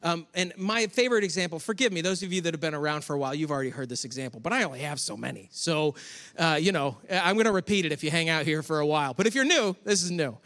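A man from Western New York preaching a conversational sermon, with chatty, animated asides to the congregation. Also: a little high, quick pace. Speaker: pastor. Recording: long hall reverb.

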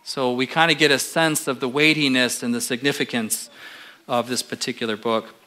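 A man preaching a sermon in a relaxed, conversational way, with frequent fillers, pausing to quiz the congregation. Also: medium pitch.

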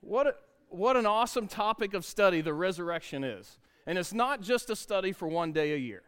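A man's voice: high-pitched, expressive, brisk, fairly bright tone, smooth. A man, preaching a sermon in an upbeat, conversational way and asking the congregation questions. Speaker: pastor.

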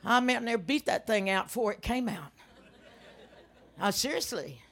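An older woman minister preaching a sermon with personal testimony, telling stories dramatically and breaking into sudden loud outbursts. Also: a little high, lively intonation, moderate pace.

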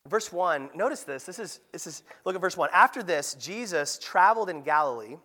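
A male pastor preaching in a lively, conversational way, keeping the congregation with him through frequent "right?" asides. His voice sits high for a man and has a bright, forward ring. Now and then he acts out quoted voices and playful sound effects. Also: brisk. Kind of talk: sermon.

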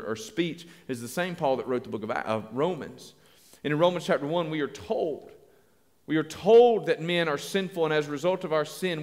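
A man preaching a sermon as pastor, folksy and animated, acting out little everyday conversations. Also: a little high. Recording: long hall reverb.

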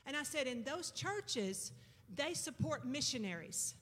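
A woman's voice: high-pitched, big pitch swings, a little slow, a bit bright. A woman preaching a sermon and telling a missionary story in a folksy, conversational way, drawing out words for emphasis. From Arkansas. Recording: reverberant church hall.

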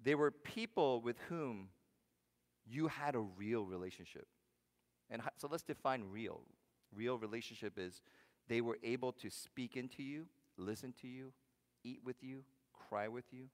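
A man preaches a sermon in a casual, conversational way, throwing questions out to the congregation. His delivery moves from loud, punchy lines down to hushed ones. The voice carries a long reverb from the church hall. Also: medium pitch. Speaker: pastor.

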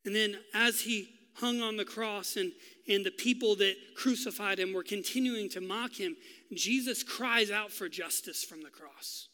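A male pastor preaching a sermon, telling a story with drama and dropping to a hush for key lines. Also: high-pitched, unhurried, in a large hall. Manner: dramatic storytelling, swinging from loud to hushed.

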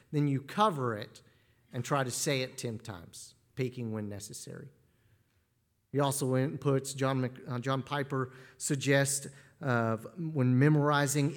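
A man preaching a sermon as pastor, earnest and given to repeating words as he starts a phrase. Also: medium pitch.

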